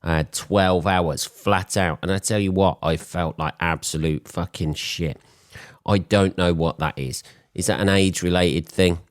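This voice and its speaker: A man in his forties, hoarse from a cold, hosting a podcast in a blunt, swearing, rambling monologue. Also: low voice, steady tone, measured pace, no echo, studio quality. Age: 40s. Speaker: podcast host. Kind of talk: casual solo podcast monologue.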